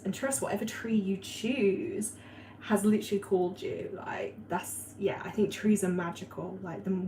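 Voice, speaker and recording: A woman's voice: medium pitch, dark tone. Chatty young woman in an echoey room. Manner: chatty, rambling, lots of fillers and laughs. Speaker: astrology and spirituality livestream host. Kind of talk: casual livestream chat reading viewer comments. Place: warm indoor room at home. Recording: echoey room with faint ambient noise.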